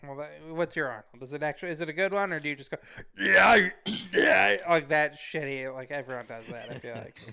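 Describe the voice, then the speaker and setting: Brief: male host, somewhat high, crisp voice, loose teasing chat. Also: quick pace, few pauses, a bit bright. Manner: rambling, teasing questions. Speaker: talk show host. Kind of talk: casual chat in a virtual-reality talk show.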